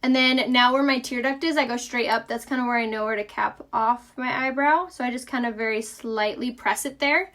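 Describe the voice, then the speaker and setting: A woman's voice: on the high side, fairly quick, hardly any pauses, fairly bright tone. Chatty young woman with a Southern lilt. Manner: chatty, upbeat, answers viewer comments. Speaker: makeup tutorial host. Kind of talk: casual live makeup tutorial.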